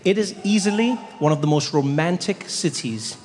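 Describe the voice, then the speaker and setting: A male comedian performing stand-up on stage, his voice sitting a touch high for a man. He talks animatedly and leaps upward into mock voices. The sound rolls around a large hall with long reverb over faint hiss. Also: normal speed. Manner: animated, jumps up in pitch for quoted voices.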